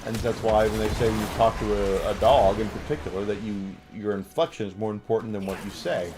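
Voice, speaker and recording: A man's voice: on the low side, little pitch movement, a little fast, few pauses, background noise. A man chatting casually while playing a video game, rambling with lots of fillers. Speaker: gamer. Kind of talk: casual gameplay commentary.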